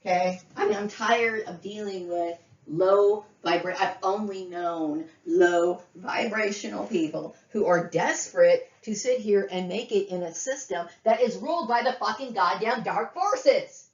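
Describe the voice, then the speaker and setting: A woman's voice: mid-range voice, a little slow, hardly any pauses. Angry woman ranting in a roomy room. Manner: profane, agitated, with restarts and rising outbursts. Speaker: vlogger. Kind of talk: angry personal rant to camera. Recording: roomy, distant, dull lo-fi sound.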